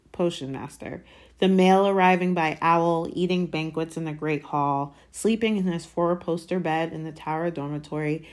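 Low-voiced woman reading aloud. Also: a little mellow. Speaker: reader.

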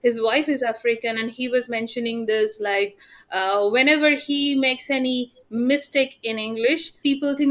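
A woman's voice: on the high side, fairly even intonation, moderate pace, fairly bright tone. A young woman, a native Bengali speaker, chatting on a podcast about her teaching and telling personal stories. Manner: storytelling, quotes others in asides. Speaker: podcast guest, university teacher. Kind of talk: casual podcast chat.

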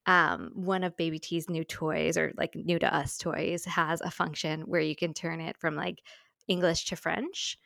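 A woman co-hosts a podcast with a low, gravelly voice full of vocal fry. She talks in a relaxed, chatty way with plenty of ums. The sound is dry and close. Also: a little slow, dry recording. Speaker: podcast co-host. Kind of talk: casual podcast chat.

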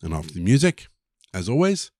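A man hosting a devotional podcast, reading a Bible passage aloud in a measured, steady way. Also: low voice, no echo, studio quality. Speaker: podcast host reading scripture.

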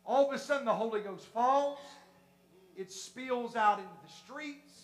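A Pentecostal preacher giving an impassioned sermon, repeating phrases, rising to shouts, and acting out voices from the congregation. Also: mid-range voice, moderate pace, echoey room. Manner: repetitive, acts out congregation voices. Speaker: pastor.

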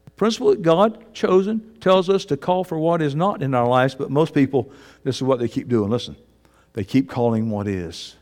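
A man preaching a sermon, emphatic and folksy, swinging from loud declarations to low asides. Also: moderate pace, big-room sound.

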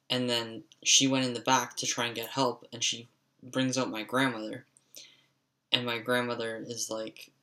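A young man with a stuffy, raspy voice, telling a rambling, profane story in a casual vlog. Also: mid-range voice, bright, forceful tone. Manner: rambling, profane, frequent "like" fillers.

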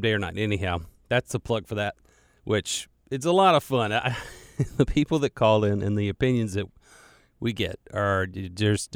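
Guy rambling to himself in a radio studio, smooth clear voice, dead dry sound, keeps wandering off topic. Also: medium pitch, dry recording. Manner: chatty, digressive, self-deprecating, repeats words. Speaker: radio producer recording a podcast. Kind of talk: rambling casual monologue. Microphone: studio microphone.

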